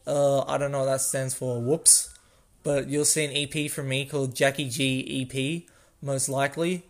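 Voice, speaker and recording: Rambling through his casual solo podcast, a young Aussie host loses his thread and fixes himself with little laughs. He speaks at normal speed in a mid-range voice with little pitch movement.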